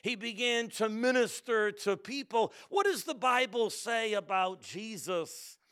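High-voiced preaching man, smooth tone. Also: a little slow. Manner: animated storytelling, calls congregation to respond. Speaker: pastor. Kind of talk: sermon with personal story.

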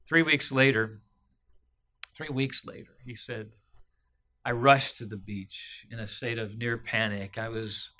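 A man retelling a story aloud, halting often with fillers and restarts. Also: medium pitch, steady tone, sharp tone.

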